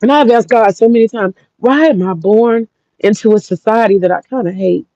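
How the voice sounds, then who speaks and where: A woman's voice: a little high, moderate pace, warm tone, no room sound, muffled recording. An American woman with an African American English accent, telling a personal story in a frank, profane, rambling vlog. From United States. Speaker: vlogger.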